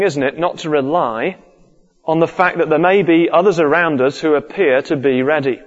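Man preaching in an echoing hall. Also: a little high. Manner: earnest, repeats key points. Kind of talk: sermon. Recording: dull lo-fi recording with long hall reverb.

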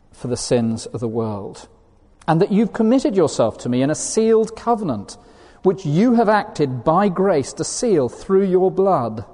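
A man's voice: on the high side, dark tone. A man preaching a sermon in an earnest, emphatic way, reading quotations aloud to his listeners. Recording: long reverb of a hall.

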